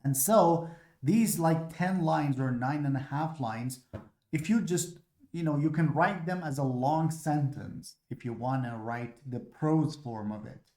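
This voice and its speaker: A man's voice: a little high, a little slow, darkish tone. A man with a Persian accent giving a recorded literature lecture, explaining patiently and often repeating himself with "you know.". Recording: echoey room.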